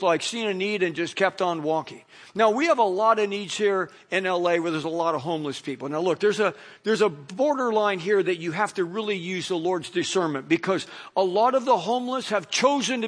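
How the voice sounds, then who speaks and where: Middle-aged preacher guy, high voice, talks casual with lots of you knows. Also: brisk. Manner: conversational, storytelling, many fillers. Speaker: pastor. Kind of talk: sermon.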